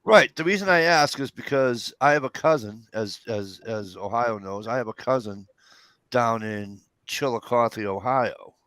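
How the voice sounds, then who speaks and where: A man's voice: medium pitch, lively intonation, measured pace, a bit bright, no echo. A man from the northern United States, arguing a point in casual chat with emphatic, profane talk. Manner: emphatic, profane, talks over others.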